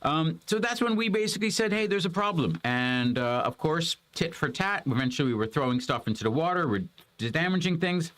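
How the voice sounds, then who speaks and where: A homeschooling father with a fairly high, brisk voice gives a child a casual history lesson. He's animated and rambles, filling it with fillers and frequent restarts.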